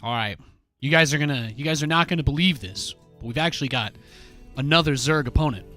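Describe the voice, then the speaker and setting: A man giving lively live gameplay commentary as a streamer, with playful trash talk at his home desk mic. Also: a little high, quick pace, faint music behind. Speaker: game streamer.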